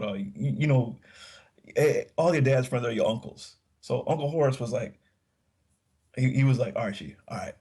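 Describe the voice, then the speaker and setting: Man guest with a gravelly, husky voice; rambles through casual stories with restarts. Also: medium pitch, a little mellow. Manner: rambling, many restarts and fillers. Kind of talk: casual storytelling chat.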